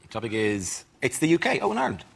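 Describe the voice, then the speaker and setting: A man hosting a comedy panel show, announcing rounds briskly in front of a studio audience. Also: mid-range voice, wildly swooping pitch, vocal fry, heavy background noise. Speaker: host.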